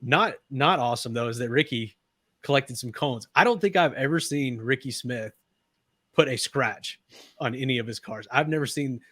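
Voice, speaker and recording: Rambling, excitable man co-hosting. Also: mid-range voice, normal speed, no echo, studio quality. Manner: rambling, repeats words, excitable. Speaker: co-host. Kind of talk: casual racing talk show.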